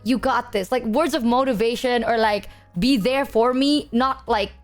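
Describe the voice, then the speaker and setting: A woman's voice: a little high, normal speed, faint music behind. A woman streamer in casual chat, blunt and questioning, swearing casually.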